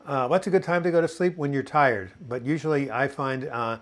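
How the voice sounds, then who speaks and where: On his casual mental health live-stream, this sixty-something American host chats away, reads viewers' comments aloud, and tells corny jokes and puns. His voice is mid-pitched, and he talks fairly quickly.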